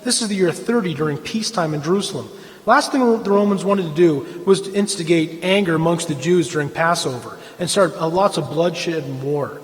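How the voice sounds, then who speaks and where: A man's voice: fairly quick, in a large hall. A man giving an impassioned, lecture-style talk at a church event, emphatic and pressing his points. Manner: emphatic, rises in pitch and volume when pressing a point. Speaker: speaker at a church Easter event. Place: church hall.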